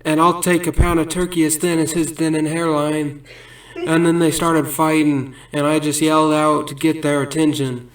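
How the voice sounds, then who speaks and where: A man telling a string of absurd stand-up jokes in a rambling way, laughing at his own punchlines between bits. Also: on the high side. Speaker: comedian. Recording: roomy sound from a distant mic.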